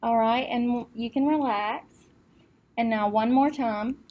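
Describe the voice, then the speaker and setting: A woman acting as speech clinician, giving calm step-by-step test instructions with occasional fillers. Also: on the high side, a little slow, dull audio.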